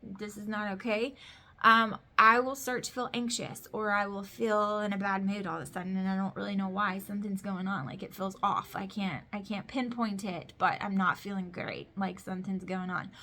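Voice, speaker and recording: A woman's voice: medium pitch, steady tone, normal speed, few pauses, bright, forceful tone. A woman in her thirties chatting casually to camera about her life, emphatic and storytelling, with lots of "like". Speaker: vlogger, mother of boys. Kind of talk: casual talking-to-camera chat.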